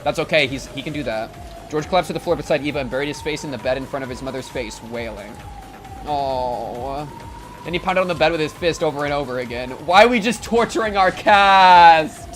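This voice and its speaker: A young man streaming a visual novel, reading the narration aloud and breaking off with slangy, excitable jokes. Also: medium pitch, fast, music in the background.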